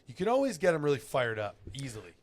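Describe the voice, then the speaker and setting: A man co-hosting a casual podcast, relaxed and chiming in with quick follow-up questions. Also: medium pitch. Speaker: podcast co-host.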